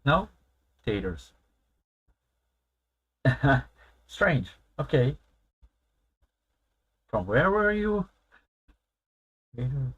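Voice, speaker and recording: A man's voice: fairly high pitch, sing-song, drawn-out words, pauses often, fairly bright tone, breathy edge, muffled recording. A man hosting a casual live stream, chatting loosely and laughing often as he answers his viewers.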